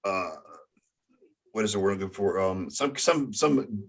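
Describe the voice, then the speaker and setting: A man hosting a casual sports talk show, halting and often stumbling over his words. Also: lowish voice, lively intonation, breathy edge. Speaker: sports podcast host.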